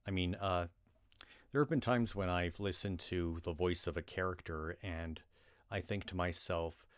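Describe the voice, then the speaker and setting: A man's voice: low voice, unhurried. An American man chatting casually on his livestream, rambling with many restarts and fillers. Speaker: livestream reader.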